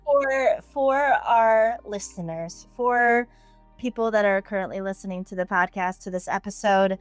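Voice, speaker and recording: A woman hosts a podcast and turns the conversation toward her listeners. Her pitch sits in the middle range, and the sound is dry and close. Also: measured pace, no room sound, soft background music. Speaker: podcast host. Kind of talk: podcast interview.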